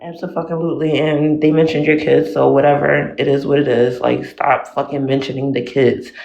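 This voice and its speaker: A woman's voice: extremely low pitch, flat delivery, normal speed, gravelly, a little mellow. A mother joining a livestream as a guest, talking emphatically and agreeing with the host. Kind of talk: casual livestream chat. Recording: echoey muffled phone audio.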